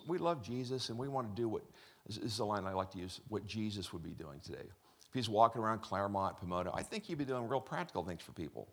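A man's voice: lowish voice, fairly bright tone. A middle-aged man preaching a chatty, joking sermon as pastor, with many restarts.

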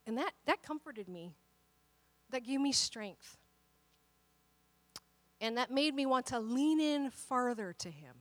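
A woman's voice: sits high, no echo. A woman pastor preaching a sermon, telling a personal story and building to emphatic encouragement. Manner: personal storytelling, quotes voices in dialogue, builds to emphatic exhortation.

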